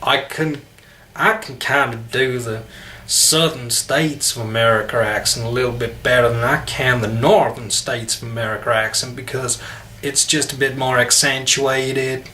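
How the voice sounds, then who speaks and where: A man's voice: mid-range voice, steady tone, normal speed, sharp tone, slight background noise. An English-accented man, an English teacher, talking casually to camera with frequent hesitations and restarts. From England.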